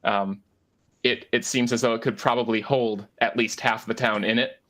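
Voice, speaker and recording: Narrating a tabletop role-playing game, a male game master describes the scene in a middling, fairly bright, steady voice. He hesitates often, restarting sentences and filling pauses. The recording has a little hiss or hum.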